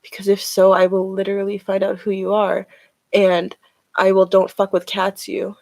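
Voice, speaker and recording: A woman's voice: mid-range voice, completely flat delivery, moderate pace, gravelly, darkish tone, dry recording. A woman chatting casually on a live stream as she reads tarot cards, filling her talk with "like". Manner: chatty, with many "like" fillers.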